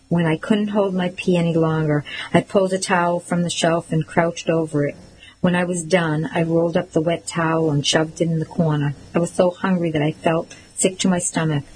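A woman narrating a first-person novel, measured and expressive. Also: on the low side, a little hiss or hum, low-quality recording. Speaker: audiobook narrator.

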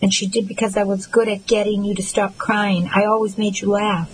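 A woman's voice: medium pitch, little pitch movement, brisk, a little hiss or hum, lightly acted, rough recording. A woman voicing a troubled grown brother in an audiobook, who slurs and mumbles through his tears. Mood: grieving. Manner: slurred, mumbling, tearful. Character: grieving troubled adult brother, slurred speech.

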